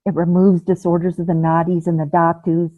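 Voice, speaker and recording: A woman teaching a breathing class over a video call, calm and patient, demonstrating the breaths aloud. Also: on the low side, brisk, dry recording. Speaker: ayurveda and yoga teacher. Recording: phone-like, narrow band.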